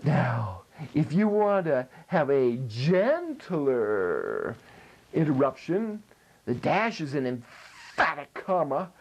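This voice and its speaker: A man's voice: mid-range voice, wildly swooping pitch, slow pace, low-quality recording. A man hosting his own show, giving a playful grammar lesson to the camera in a folksy way, with silly coined words and chuckles at his own jokes. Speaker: show host teaching writing.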